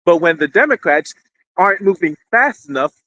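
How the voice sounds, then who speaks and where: A man hosting casual live-stream commentary, rambling and animated, often repeating words as he restarts. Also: sits high, normal speed, highs cut off, a little hiss or hum. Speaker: political commentary host. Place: indoors near a street with fire trucks.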